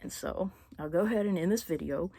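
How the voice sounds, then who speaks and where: A woman vlogging about her feelings, halting with many fillers and dropping into whispers as she holds back tears. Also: lowish voice, warm tone, slightly rough, dry recording. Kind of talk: personal confessional vlog.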